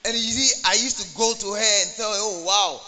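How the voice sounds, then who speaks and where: A man preaching a sermon, telling a story in a sing-song cadence and pausing for his interpreter. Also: sits high, bright, forceful tone. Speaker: pastor.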